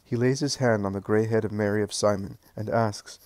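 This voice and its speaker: A man reading a religious story aloud as narrator, in an even, solemn way. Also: fairly low pitch, fairly quick, few pauses, dry recording, studio quality. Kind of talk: scripted narration.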